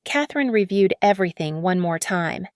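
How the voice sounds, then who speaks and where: A woman narrating a first-person story in a steady, measured way. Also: lowish voice, dry recording, clean studio sound.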